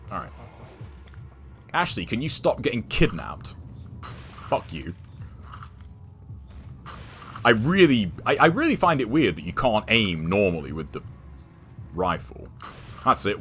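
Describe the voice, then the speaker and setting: A man's voice: fairly low pitch, fairly bright tone. A young man streaming a game, chatting in a rambling way and swearing at the game from his home setup. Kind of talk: casual gameplay commentary. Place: home gaming setup with two monitors.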